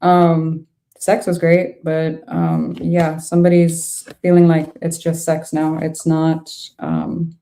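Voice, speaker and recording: Woman tarot reader, low mellow voice, chatty and reactive. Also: completely flat delivery, takes it slowly. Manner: thinks aloud, laughs often, frank reactions. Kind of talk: casual tarot reading.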